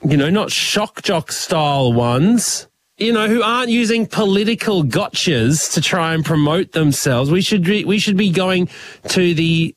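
A man with an Australian accent co-hosting a show, chatting casually in an animated, joking way. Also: high-pitched, dry recording. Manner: animated, joking, quick laughs. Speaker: radio co-host. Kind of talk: casual banter.

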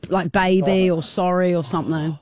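A woman's voice: on the low side, steady tone, moderate pace, darkish tone, no echo, clean studio sound. A woman hosting a radio show, playfully bossy and teasing, laughing often. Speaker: radio host.

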